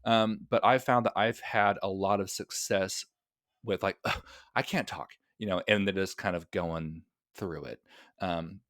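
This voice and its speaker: A man with a mild stutter, chatting as a podcast guest, his talk full of fillers and easy laughter. His voice sits a little low. The recording is dry and close, with no room sound. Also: steady tone, measured pace, fairly bright tone, no room sound. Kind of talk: casual interview chat.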